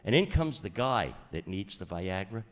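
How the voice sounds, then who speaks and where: A man's voice: fairly low pitch, very animated, normal speed, very noisy. Brash middle-aged man doing stand-up in a hall. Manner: brash, punchy joke delivery with mock-exasperated asides. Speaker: stand-up comedian. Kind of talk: stand-up comedy routine.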